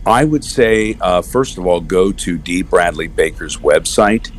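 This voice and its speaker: A middle-aged man, a voice actor, chatting as a guest in an interview and telling stories with animated asides. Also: low-pitched, a little hiss or hum. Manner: animated storyteller, slips into quick character voices. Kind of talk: casual interview chat.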